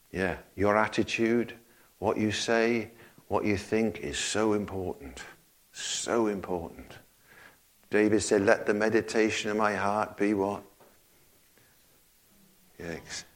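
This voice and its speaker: A man delivers a conversational sermon in a church, his voice sitting at an ordinary middle pitch. He preaches in a folksy way, stumbles over and repeats words, and keeps checking in with the congregation through rhetorical questions. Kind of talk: informal sermon.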